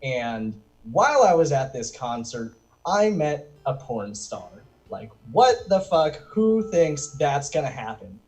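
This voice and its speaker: A man's voice: fairly high pitch, slow, low-quality recording. A man doing a rambling, self-deprecating stand-up set. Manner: rambling, self-deprecating delivery with lively swings. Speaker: stand-up comedian. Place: virtual comedy show inside a video game.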